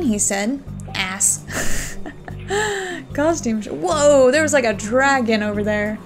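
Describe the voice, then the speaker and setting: A woman's voice: on the high side, expressive, takes it slowly, soft background music. A woman playing a game and reading its text aloud in casual, playful commentary with giggly asides. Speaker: let's player.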